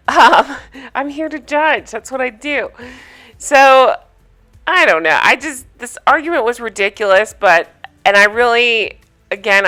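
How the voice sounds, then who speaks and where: A chatty, opinionated woman talks through her reality-TV recap in a casual vlog style. Her voice is bright and forward, with a gossipy, judging edge that keeps the talk lively. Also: mid-range voice.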